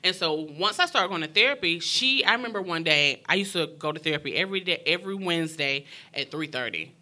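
Mulher jovem de voz muito brilhante, franca e emotiva. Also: female voice, lowish voice, expressive, sharp tone. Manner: emotional, frank, quick bursts of speech. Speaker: guest sharing her story. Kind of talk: candid personal storytelling.

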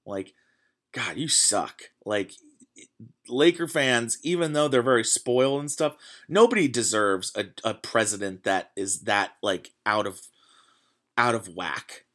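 A man's voice: lowish voice, expressive, a little slow, fairly bright tone. A man hosting his own podcast, ranting casually about sports, getting worked up with frequent swearing and fillers. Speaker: podcast host. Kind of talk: casual solo sports rant.

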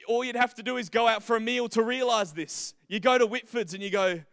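A man preaching a sermon, moving from casual jokes to slow, emphatic scripture reading. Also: very high voice, fairly even intonation, fairly bright tone, no echo, studio quality.

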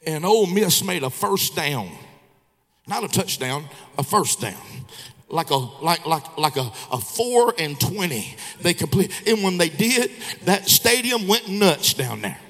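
High, bright evangelist man. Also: sing-song, measured pace, long reverb tail. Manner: swings from quiet storytelling to shouted preaching. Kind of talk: revival sermon. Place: church sanctuary. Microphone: handheld microphone.

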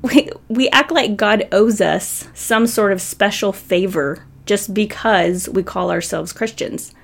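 A woman's voice: medium pitch, slow pace, vocal fry. A middle-aged woman giving a sermon, telling a family story in a conversational, humorous way. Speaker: preacher.

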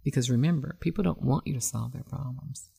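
A woman's voice: rumbling low, a little fast, vocal fry, warm tone, slightly rough. A woman hosting an internet radio show as a relationship expert, giving advice in a conversational, emphatic way with frequent fillers.

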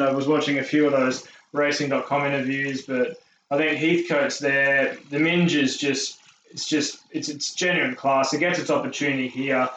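Young Aussie racing podcast co-host, chatty and rambling; distant, dull, echoey audio. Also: male voice, medium pitch, fairly bright tone, a little hiss or hum. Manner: rambling, laughs often. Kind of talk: casual tipping chat. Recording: roomy, distant, dull sound.

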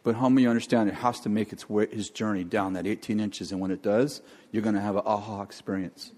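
A man preaching a sermon and leading prayer, animated, often acting out quoted voices. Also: fairly low pitch, fast talker. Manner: animated, acts out quoted voices, jokes about accents. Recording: long hall reverb.

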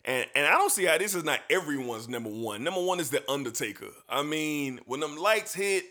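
A man's voice: fairly high pitch, a little fast. A man hosting a sports talk show, chatting casually and easily, often repeating words as he goes. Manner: relaxed, repeats words, slangy. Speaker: sports podcast host.

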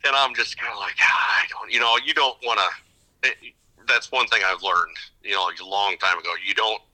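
A middle-aged man talking casually as a fishing guide on an interview show. He rambles through his stories with lots of false starts and restarts. His voice sits on the low side but has a sharp, very bright edge to it. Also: steady tone, a little fast, rough recording. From upper Midwest of the United States. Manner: rambling storyteller with many restarts. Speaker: fishing guide and podcast guest.

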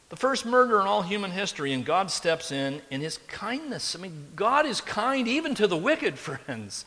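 A man preaching with a bright, forceful, slightly high voice. He pushes his points hard with rhetorical questions. His words ring out in a large hall with long reverb. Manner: emphatic, with rhetorical questions to the listeners. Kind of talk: sermon.

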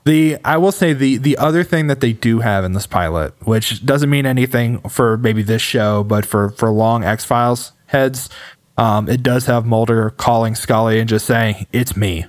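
A man talks easily on a podcast, adding details to a TV recap. His voice sits in a medium pitch. The recording is dry and close. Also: normal speed, no echo. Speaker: podcast co-host. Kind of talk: casual chat recapping a TV episode.

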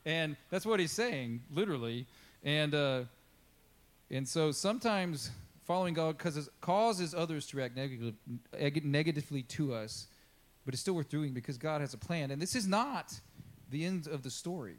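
A male pastor gives a relaxed, conversational sermon in a fairly high voice. He talks to his congregation in a chatty way, acts out what people in the story say, and drops in questions and asides. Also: moderate pace.

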